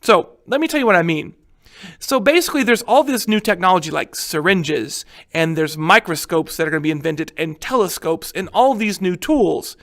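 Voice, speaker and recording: A man's voice: high-pitched, pushed and bright. A man teaching a recorded history lecture in a casual way, with many fillers and frequent check-ins with students.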